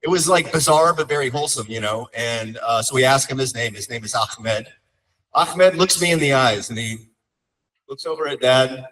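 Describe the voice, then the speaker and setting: A man's voice: medium pitch, moderate pace, a bit bright, recorded from a distance, poor audio. A young man speaking as a son at his father's memorial, telling heartfelt stories with light humor. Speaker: son giving a eulogy. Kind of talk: memorial eulogy storytelling.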